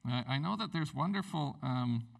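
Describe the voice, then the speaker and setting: A tired man preaching a sermon in an animated, rambling way, jumping up in pitch to stress his points. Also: normal speed, gravelly, recorded from a distance, poor audio. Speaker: pastor.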